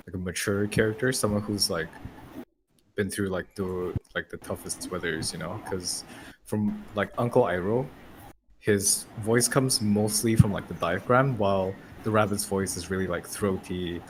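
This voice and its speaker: A man joins an online workshop over a video call with lots of noise on his line. His voice sits very low, and he answers haltingly, padding his words with fillers. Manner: hesitant, fills with "like". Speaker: workshop participant.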